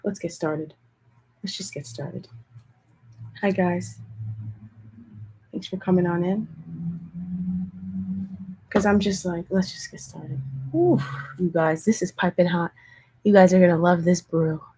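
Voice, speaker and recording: A young woman tarot reader chatting casually with viewers in a hushed, half-whispered voice, often calling out to them directly. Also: fairly low pitch, slow pace, long pauses, slightly rough, poor audio. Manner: chatty, keeps addressing viewers as "you guys". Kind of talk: casual livestream tarot chat.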